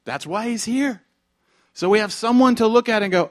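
Man, pastor, high-pitched voice, animated sermon delivery, shifts loud to hushed. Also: normal speed. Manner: animated, acts out dialogue, swings from loud to hushed.

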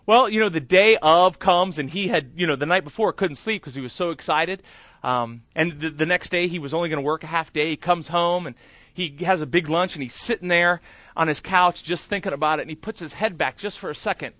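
Bright-voiced man preaching. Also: on the high side, fairly quick, no echo. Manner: chatty with many fillers. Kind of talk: sermon storytelling.

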